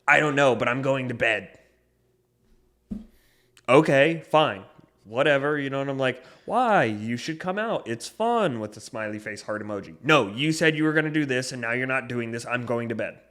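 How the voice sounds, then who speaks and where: A young man co-hosting a podcast, rambling through a story with lots of swearing and getting loud when riled up. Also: mid-range voice, animated, moderate pace. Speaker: podcast co-host. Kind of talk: casual chat.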